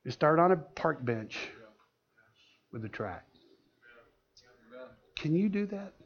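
High gravelly pastor guy telling a story in a sermon, lively, dull lo-fi recording. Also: takes it slowly. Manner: animated, laughing storyteller. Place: church. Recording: dull lo-fi sound.

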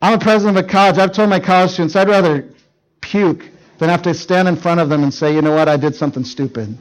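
A middle-aged Canadian pastor preaches a sermon to teenagers, telling a story and urgently acting out its dialogue. His voice is high and quick, and the recording is rough.

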